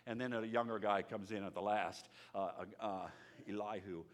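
A middle-aged man, a pastor, preaching a sermon in a lively, emphatic way, often restarting his sentences. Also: lowish voice, moderate pace. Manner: lively, emphatic, with frequent restarts and dramatic drops to a whisper.

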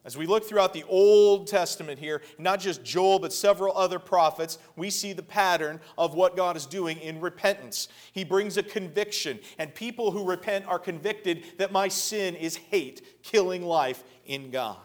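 A man preaching a sermon earnestly, swinging between loud emphatic lines and hushed, quiet passages. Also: high voice, normal speed, few pauses. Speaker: pastor.

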